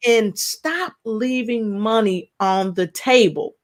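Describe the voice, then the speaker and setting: A woman hosting a live online interview show, lively and playful, speaking straight to her viewers. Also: a little high, slow. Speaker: talk show host.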